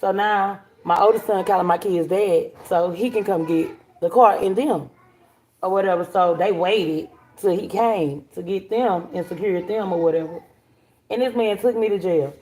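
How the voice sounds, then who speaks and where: Woman, livestream host, animated storytelling, blunt, swears a lot. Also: fairly low pitch, moderate pace. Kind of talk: casual storytelling to viewers.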